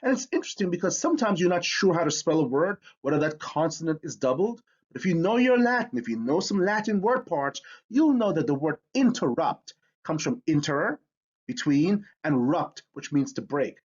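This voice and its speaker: A man leads a spelling lesson with a husky, slightly raised voice that swings up and down constantly. He is energetic and emphatic, stretching out words to sound them out. The recording is dull and lo-fi. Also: on the high side, normal speed. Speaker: teacher.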